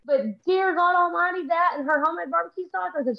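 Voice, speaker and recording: A woman with a Southern accent talks fast in a high voice, cursing casually as she tells stories. Her audio is dull and lo-fi. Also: creaky. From Texas. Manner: fast-talking, profane. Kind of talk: casual chat storytelling. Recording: dull lo-fi sound.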